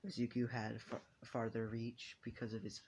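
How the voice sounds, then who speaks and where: A man's voice: medium pitch, monotone, normal speed, a little mellow, slight background noise. A man narrating an improvised fan story in a rambling, casual way, with many restarts and casual swearing.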